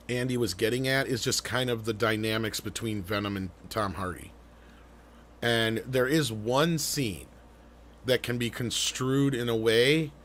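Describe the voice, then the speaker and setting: Male co-host, mid-pitched, loose rambling chat with lots of fillers and casual swearing. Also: fairly bright tone. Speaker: podcast co-host. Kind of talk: casual live-stream chat.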